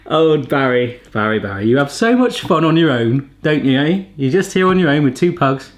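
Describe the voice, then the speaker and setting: Chatty, pun-loving male host testing gadgets in his kitchen. Animated delivery. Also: fairly high pitch, normal speed. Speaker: cooking channel host. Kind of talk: casual gadget-testing vlog. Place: home kitchen.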